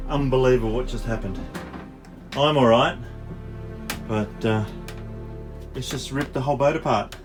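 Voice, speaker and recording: A middle-aged man in shock, talking haltingly with many pauses as he records a video diary aboard his damaged boat. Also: mid-range voice. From Australia. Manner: halting, filler-heavy. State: in shock, emotional. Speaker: sailing vlogger.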